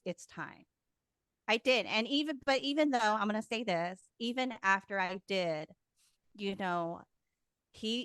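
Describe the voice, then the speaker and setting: Slow-talking frank woman guest. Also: mid-range voice, a bit bright, clear, resonant tone, dry recording, studio quality. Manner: frank, emotional, swears casually. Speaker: podcast guest. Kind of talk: candid personal storytelling.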